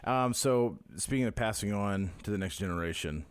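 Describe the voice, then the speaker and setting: A man's voice: lowish voice, normal speed, clean tone, dry recording. A man hosting a church podcast, easygoing and affirming as he chats with his guests. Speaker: podcast host. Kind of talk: casual interview chat.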